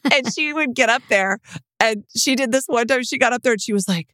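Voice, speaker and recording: A middle-aged woman co-hosting a podcast, chatting casually and telling lively stories with acted-out quotes. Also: a little high, brisk, no echo, clean studio sound. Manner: animated storyteller, lots of laughter and acted quotes. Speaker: podcast co-host. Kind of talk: casual chat.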